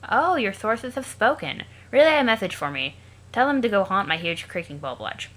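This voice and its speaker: A woman's voice: mid-range voice, sing-song, normal speed, a bit bright. A woman voicing an irritable, sarcastic young male troll in a crude, snide manner, close to her own voice.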